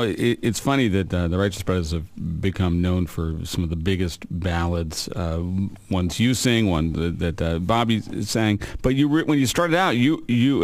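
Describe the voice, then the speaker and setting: Male interviewer, lowish voice, dry close sound, halting questions. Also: a little mellow, no room sound.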